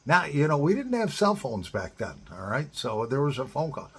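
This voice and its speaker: Blunt, very husky-voiced middle-aged man. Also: mid-range voice, sing-song, normal speed, few pauses, a bit bright. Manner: blunt, profane, direct address to men. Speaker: advice-giver to divorced fathers. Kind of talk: casual advice monologue.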